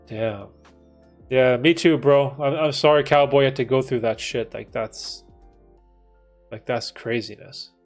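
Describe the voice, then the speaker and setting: A man's voice: mid-range voice, measured pace, long pauses, faint music behind. A man in his thirties hosting a livestream, reading chat and talking in a casual, laid-back way, with frequent dude and bro and some swearing. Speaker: livestream host answering chat.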